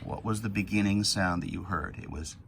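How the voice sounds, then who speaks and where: A man's voice: deep voice, fairly quick, vocal fry, slight background noise. A man teaching a recorded phonics lesson for young children, patiently sounding out words letter by letter.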